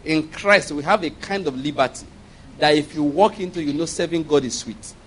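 A man preaching a sermon as a pastor, animated, with laughing asides and acted-out quotes. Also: fairly high pitch, normal speed, low-quality recording.

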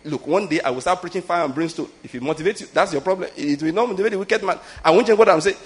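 A middle-aged preacher with a Nigerian accent teaches conversationally in his sermon, often pausing to ask if listeners understand him. His voice sits high and is slightly rough, and he talks very fast.

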